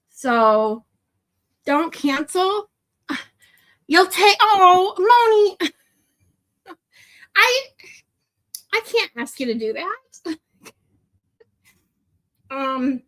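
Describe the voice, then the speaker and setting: A woman's voice: fairly high pitch, pushed and bright. A woman chatting on her livestream with viewers, rambling, laughing often and turning tearful. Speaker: streamer. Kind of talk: casual livestream chat with viewers.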